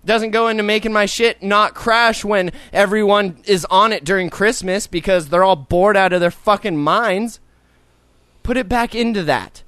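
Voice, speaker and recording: Young male podcast host, high voice, dry close sound, profane exasperated rants. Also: normal speed, fairly bright tone, smooth, dry recording. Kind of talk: casual ranting podcast chat.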